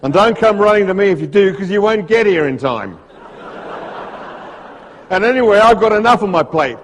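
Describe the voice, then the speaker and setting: A man's voice: high-pitched, expressive, moderate pace, slight background noise, voice pushed up. Man putting on a grumbling Australian venom expert. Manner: grumbling, brusque, fussy. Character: grumpy bored older male Australian snake-venom expert. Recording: long hall reverb.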